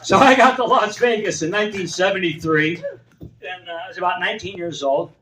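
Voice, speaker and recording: A man's voice: high-pitched, fairly quick, bright, forceful tone. A man in his seventies telling rambling stand-up anecdotes on a comedy club stage and acting out the voices of people in his stories. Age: 70s. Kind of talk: stand-up storytelling. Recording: roomy club sound from far off.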